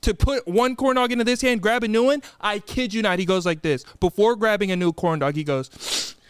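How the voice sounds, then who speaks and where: A man's voice: high-pitched, brisk, smooth, no echo. A man co-hosting a casual chat who laughs and chimes in with disbelieving punchlines. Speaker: podcast co-host.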